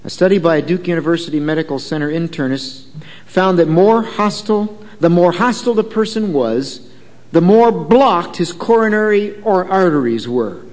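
A man's voice: high voice, lively intonation, normal speed, a little mellow, big-room sound. A man preaching a sermon in a conversational way, telling a story and asking the congregation questions. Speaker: pastor.

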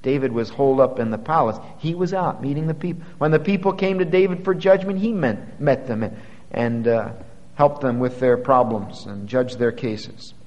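A male preacher delivers a sermon, his voice ringing with a long hall reverb. He moves from hushed, low passages to loud, high-pitched peaks when quoting scripture. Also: moderate pace, highs cut off.

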